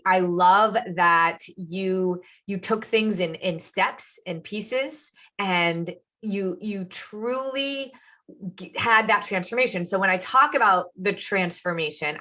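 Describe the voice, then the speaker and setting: A woman hosts a podcast interview, warm in intent and full of encouragement. Her voice is bright and forward at a middling pitch. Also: a little slow. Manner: enthusiastic, encouraging. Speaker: podcast host and nutrition coach.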